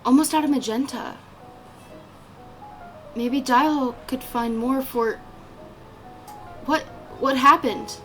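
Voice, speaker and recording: A woman's voice: high-pitched, slow pace, pauses often, faint music behind. A woman giving casual, rambling commentary over her gameplay, with plenty of fillers and restarts. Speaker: gaming channel creator.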